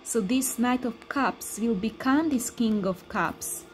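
A woman's voice: on the high side, slow pace, a little hiss or hum. Emphatic woman reading tarot cards. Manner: emphatic and repetitive, with excited exclamations; non-native English speaker. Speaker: tarot reader.

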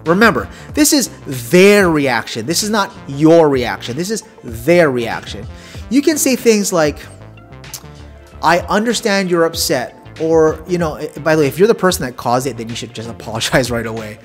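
A man's voice: on the high side, big pitch swings, normal speed, soft background music. A man hosting a video podcast, talking straight to the viewer in a casual, wry way with emphatic asides and rhetorical questions. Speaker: podcast host. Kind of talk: casual explainer monologue. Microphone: desk condenser mic.

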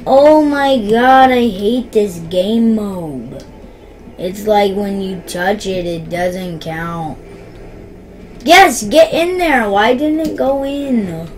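A young woman giving excitable gameplay commentary, gasping and yelping at every play. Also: medium pitch, slow pace, faint music behind. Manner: yelps, gasps and shouts at each play. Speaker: gaming YouTuber.

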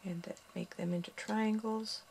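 A woman's voice: mid-range voice, steady tone, moderate pace, creaky, a little mellow, slight background noise. A woman hosting a casual craft tutorial, counting the steps aloud and making chatty asides, a little out of breath. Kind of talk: casual loom bracelet tutorial.

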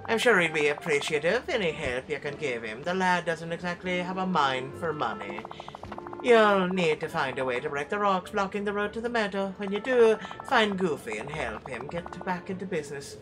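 A boastful, miserly old duck tycoon from a video game, as a man puts him on with a broad, hammy Scottish brogue. The voice is loud and swoops widely in pitch. Game music plays steadily underneath. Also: moderate pace, lightly acted, rough recording. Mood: blustering. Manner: reads game dialogue aloud in a loud, lively put-on voice.

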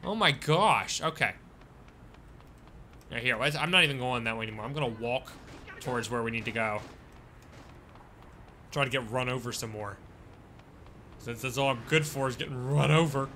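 A man giving casual live-stream commentary while playing a game, chatting with viewers and breaking into sudden excited outbursts. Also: medium pitch, moderate pace, pauses often, slight background noise. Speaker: gaming streamer.

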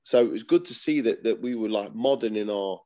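A man's voice: lowish voice, a little fast, warm tone. A man, talking bluntly as an interview guest, swearing and repeating himself. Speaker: former footballer, guest. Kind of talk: casual interview.

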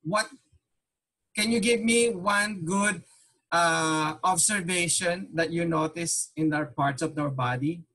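A man's voice: fairly high pitch, slow pace, bright, forceful tone. A man teaching an online Tagalog class, patiently repeating questions and mixing Tagalog with English.

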